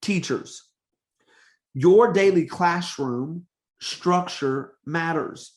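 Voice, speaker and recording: A middle-aged man teaching church leaders in an energetic preaching style, urging them on with repeated "come on" and quick restarts. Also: fairly high pitch. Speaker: ministry leader and coach.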